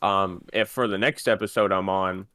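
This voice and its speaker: A man's voice: sits low, steady tone, normal speed, bright, forceful tone, dry recording, clean studio sound. A young man co-hosting a podcast in casual chat, speaking hesitantly with many fillers. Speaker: podcast co-host.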